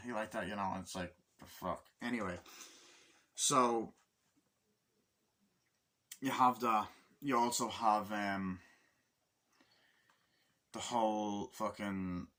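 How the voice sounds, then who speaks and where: Male film reviewer, casual and profane, slightly low voice with bright edge, keeps acting out scenes. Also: steady tone, normal speed, long pauses. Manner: rambling, swears a lot, acts out movie lines. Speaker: movie reviewer.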